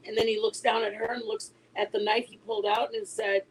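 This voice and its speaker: A woman in her forties, a mother, telling a story to her online viewers in a casual, animated way. She is emphatic and laughs often as she talks. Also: medium pitch, a little fast, slight background noise, rough recording. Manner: animated and emphatic, insisting she is not lying.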